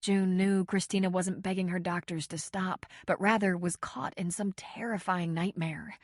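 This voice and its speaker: A woman narrates a novel in a steady, measured way. Her voice sits a little low for a woman. The studio recording is dry and close, with no room sound. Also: no room sound. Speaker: audiobook narrator. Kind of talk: scripted narration.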